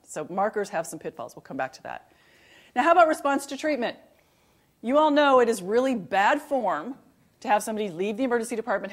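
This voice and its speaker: A middle-aged woman lectures on emergency medicine in a mid-pitched voice, talking straight to the audience. She keeps it conversational and lively, tosses out rhetorical questions, and repeats her key points for emphasis. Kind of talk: recorded continuing-education lecture.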